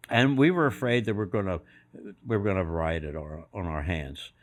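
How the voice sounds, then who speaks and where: A man's voice: low voice, fairly quick. An older man on a podcast as a guest, telling anecdotes and acting out other people's voices in quotes. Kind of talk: storytelling anecdotes.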